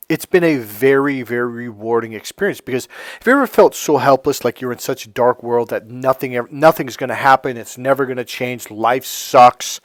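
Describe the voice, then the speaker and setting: A man talking as a life coach in a casual motivational monologue, telling personal stories and acting out quoted exchanges with sudden high-pitched bursts. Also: no room sound, studio quality.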